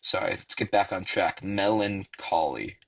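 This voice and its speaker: Rambling, husky young man. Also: low-pitched, measured pace, fairly bright tone. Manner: rambling, swears freely, frequent fillers. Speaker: commentary YouTuber. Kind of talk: casual commentary.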